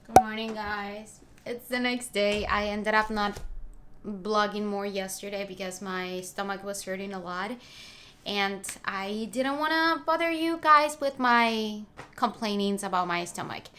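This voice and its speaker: A woman in her twenties chatting excitedly in a casual vlog from her bedroom, gushing and rambling with lots of fillers. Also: mid-range voice, measured pace, a little hiss or hum. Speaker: vlogger.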